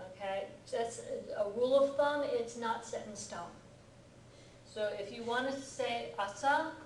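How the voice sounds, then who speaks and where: A woman's voice: on the high side, slight background noise. A woman teaching a grammar lesson in a classroom, patiently checking that the class follows with frequent "right?" and "okay?". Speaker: Japanese language teacher. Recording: echoey classroom from far off.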